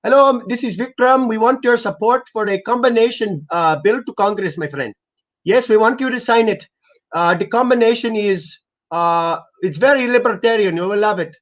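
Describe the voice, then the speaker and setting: A man's voice: high voice, normal speed, pitched above the performer's own voice, lightly acted. A man putting on a pushy, oily official caller. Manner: ingratiating, repeats "my friend". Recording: lo-fi muffled recording.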